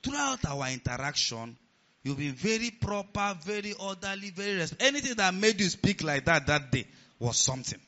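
A man preaching a sermon as pastor of a church, animated and rising to near-shouts. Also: high voice, normal speed. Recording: dull lo-fi sound.

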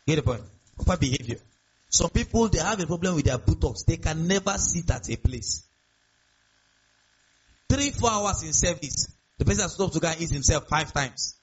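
Emphatic pastor preaching. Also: male voice, fairly high pitch, lively intonation, a little fast, long pauses, husky. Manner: emphatic, repetitive, rhetorical questions. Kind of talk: sermon. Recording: dull lo-fi sound.

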